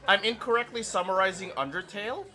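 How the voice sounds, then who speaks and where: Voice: mid-range voice, fast talker, over music, a crowd in the background. A streamer hosting a collab in casual chat, playful and mock-boastful.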